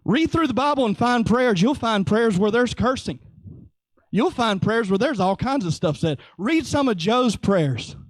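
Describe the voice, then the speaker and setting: A man preaching with a high, bright-pitched voice and a playful, animated delivery. He jokes and slips into quick acted-out voices while he teaches. The sound is close and dry, with no room echo. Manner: lively, joking, acts out voices. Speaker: pastor. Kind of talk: sermon.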